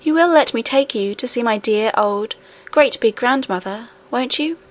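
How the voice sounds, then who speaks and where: A woman's voice: on the high side, moderate pace, lightly acted. A woman doing a sweet young princess girl. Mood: pleading.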